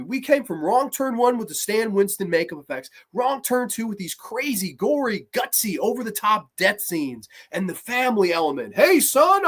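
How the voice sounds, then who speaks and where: A man's voice: high voice, fairly bright tone. A man in his twenties hosting a horror movie review, talking casually with a profane, sarcastic, ranting manner. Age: 20s.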